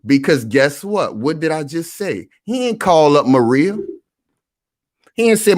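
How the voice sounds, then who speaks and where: Animated man hosting reaction commentary. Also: fairly high pitch, unhurried, no room sound, clean studio sound. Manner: animated, repetitive, addresses the audience directly. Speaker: online commentary host.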